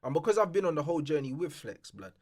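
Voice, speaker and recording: A young man, co-hosting a podcast in lively, slang-filled chat. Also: on the high side. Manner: quick, animated, slang-heavy. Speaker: podcast co-host. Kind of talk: casual chat.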